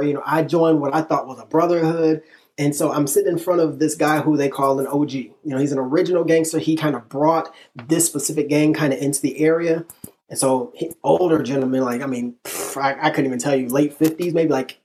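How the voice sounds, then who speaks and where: A man from northern Illinois, a guest on an interview show, telling a personal story with lively narration, acting out the dialogue and laughing often. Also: a little high. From northern Illinois, USA.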